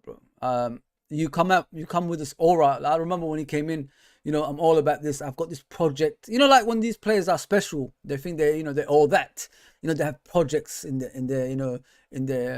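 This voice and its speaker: A man's voice: no room sound, studio quality. A man hosting a fan show, ranting in exasperation and reading out viewer comments, with casual slang like bro and man. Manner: frustrated, exasperated ranting with rising pitch. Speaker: host.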